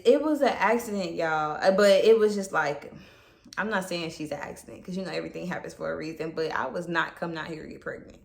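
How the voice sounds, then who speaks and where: A young woman vlogger tells her viewers a candid, chatty story, cursing freely throughout this casual storytime. Her voice is lowish, a bit fast, and creaky, captured in an echoey room with background noise.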